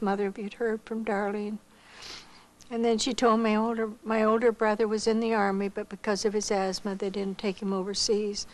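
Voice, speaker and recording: An older woman from the United States telling a personal testimony slowly and reflectively, acting out the voices of the people she quotes. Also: on the high side, rough recording. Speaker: missionary giving testimony.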